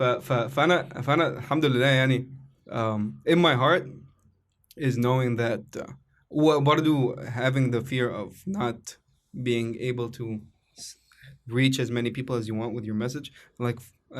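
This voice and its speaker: Young Egyptian male podcast host and comedian; quick, heartfelt, rambling delivery, mid-range voice. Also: medium pitch. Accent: Egyptian Arabic. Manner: emotional, rambling with restarts and laughs. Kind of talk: casual podcast conversation.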